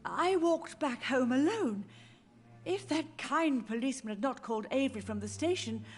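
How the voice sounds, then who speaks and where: A woman's voice: high voice, expressive, normal speed, husky, soft background music. A woman voicing an elderly, confused mother who mourns her dead children, in game dialogue with a dreamy, wandering delivery that drifts into whispers. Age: older. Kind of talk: video game voice acting.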